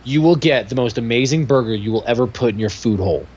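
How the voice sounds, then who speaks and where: A man co-hosting a casual podcast, ranting excitedly and getting louder when worked up. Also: mid-range voice, fast, crowd noise. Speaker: podcast co-host. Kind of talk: casual chat. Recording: dull lo-fi podcast audio.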